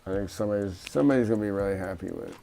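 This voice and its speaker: A man's voice: fairly low pitch, racing, creaky, dark tone, faint music behind. A man rambling casually and profanely to himself as he tinkers in his home studio. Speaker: FPV drone hobbyist. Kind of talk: casual workbench chat.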